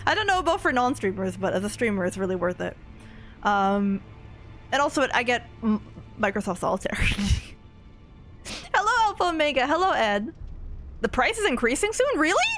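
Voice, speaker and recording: A young woman streamer chats loosely with her viewers, giggling often and trailing off into restarts. Her voice is high and swings widely in pitch, with faint music playing behind her. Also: very animated, a little fast, fairly bright tone. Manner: chatty, giggly, rambling with restarts. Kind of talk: casual chat with stream chat.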